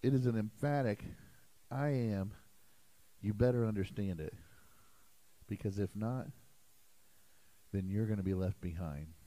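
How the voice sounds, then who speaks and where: A man preaching a sermon as pastor in a church sanctuary, emphatic and animated. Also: on the low side, moderate pace, pauses often, no echo, poor audio.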